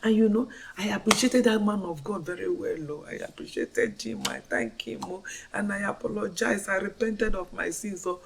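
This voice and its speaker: A woman's voice: mid-range voice, moderate pace, vocal fry, few pauses, background noise. A middle-aged Nigerian woman telling her life story as a fervent faith testimony, repeating phrases with emphatic swings. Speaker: storyteller sharing a personal testimony.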